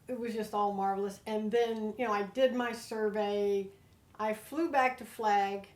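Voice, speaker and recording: An older American woman, a guest, telling her own story with heartfelt, animated feeling. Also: a little high. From United States. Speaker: interview guest. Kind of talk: personal storytelling. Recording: roomy echo.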